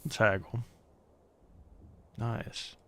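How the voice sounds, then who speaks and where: Joking man commentating a game. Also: sharp tone. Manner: quick, joking reactions to the game, laughs and swears. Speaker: streamer. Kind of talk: gameplay commentary.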